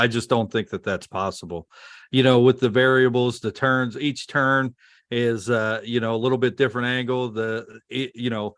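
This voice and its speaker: An American man from the United States co-hosts a racing podcast, casually reading viewer comments aloud and laughing easily. His mid-range voice is a bit bright, recorded clean in a studio with no room sound.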